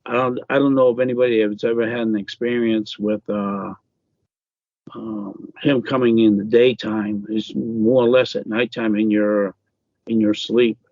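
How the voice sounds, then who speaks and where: Gravelly-voiced man with halting speech. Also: lowish voice, level tone, a little mellow, no room sound, muffled recording. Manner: halting, many fillers and restarts. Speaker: author guest. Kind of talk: casual interview.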